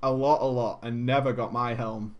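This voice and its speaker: A man casually telling a story to a live chat, animated and profane, laughing often and switching between loud bursts and muttered asides. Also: medium pitch, normal speed, muffled recording. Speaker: streamer telling a gaming story.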